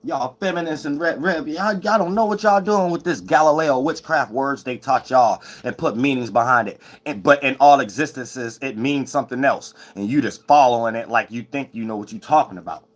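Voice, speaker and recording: A man's voice: mid-range voice, normal speed, hardly any pauses. Profane, scolding preacher man. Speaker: self-styled preacher. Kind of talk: late-night livestream sermon.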